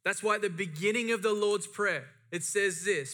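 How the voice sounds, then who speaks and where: Middle-aged male pastor, bright tone, impassioned sermon delivery. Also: high-pitched, moderate pace, hardly any pauses. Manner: impassioned, rising and falling emphasis.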